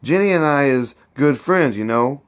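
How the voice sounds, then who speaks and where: A man's voice: mid-range voice, expressive, moderate pace, clean tone, natural voice. A man reading aloud and voicing a proud, fussy older woman cook who scolds and boasts in heavy old Southern dialect. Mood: boastful.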